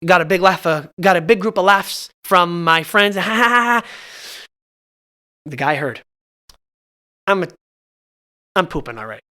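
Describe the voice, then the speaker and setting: A young man from Southern California telling stories on a podcast, halting and self-mocking, with lots of restarts. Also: high voice, animated, bright, forceful tone. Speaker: podcast storyteller. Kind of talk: casual podcast chat.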